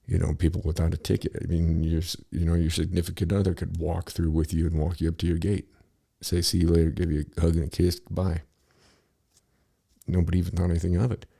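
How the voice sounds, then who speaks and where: A middle-aged man tells a long story in a loose, profane monologue. His voice is deep and dark with a husky, gravelly texture, and he keeps stopping to restart his sentences. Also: little pitch movement, quick pace. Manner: rambling, profane, with many restarts. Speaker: podcast host.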